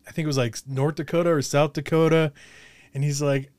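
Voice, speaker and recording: A man's voice: fairly high pitch, fairly even intonation, fast, clean tone, no echo. Dry-sounding male podcast host, chatty. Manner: chatty storyteller, many fillers. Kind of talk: casual conversation. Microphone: remote podcast setup.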